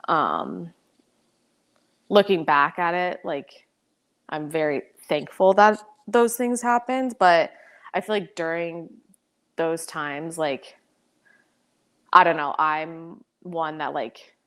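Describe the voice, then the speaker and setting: A young American woman in casual interview chat, talking fast with many "like" fillers and frequent laughs. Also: low voice. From United States. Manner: chatty, lots of "like" fillers, laughs often. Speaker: podcast guest, pro soccer player.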